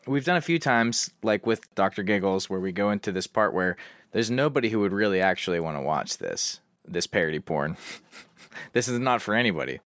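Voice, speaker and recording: A man's voice: on the low side, lively intonation, fairly quick, fairly bright tone, dry recording, clean studio sound. A man co-hosting a podcast, trading crude, wisecracking banter in casual chat. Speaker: podcast co-host.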